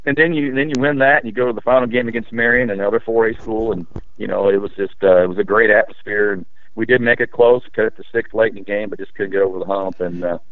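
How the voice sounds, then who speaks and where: A middle-aged man, a former high school basketball player, telling his memories in a rambling, animated way with many fillers. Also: fast, no echo, narrow, tinny audio. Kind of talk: casual interview storytelling.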